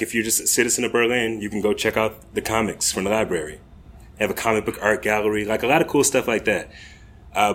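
A man's voice: on the low side, a bit bright, slight background noise. An American man telling a rambling comic story on a comedy club stage, casual and laughing at his own tale. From United States.

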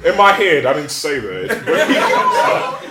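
A man's voice: high-pitched, wildly swooping pitch, a little slow. A young man telling a profane, self-mocking comic story to a live audience. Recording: echoey room with clear noise.

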